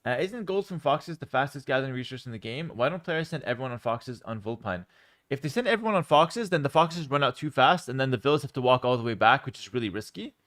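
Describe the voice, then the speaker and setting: Relaxed Canadian-raised man chatting to his stream. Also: mid-range voice, fast talker. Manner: relaxed, rambling, many ums and repeated words. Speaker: streamer answering chat. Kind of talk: casual livestream chat. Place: home.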